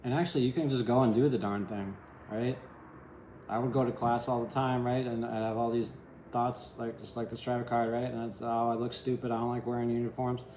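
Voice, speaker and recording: A slightly mellow male voice sits in the mid range and holds a steady tone at a fairly quick pace, with a little background noise and echo around it. He's a tarot reader offering a relaxed, wandering reading, often asking "right?" and throwing in wry, self-deprecating asides.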